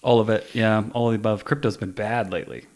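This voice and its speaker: Man, 40s, podcast host, fairly low voice, laid-back, trails off. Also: quick pace. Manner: relaxed, trailing off softly. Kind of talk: casual conversation.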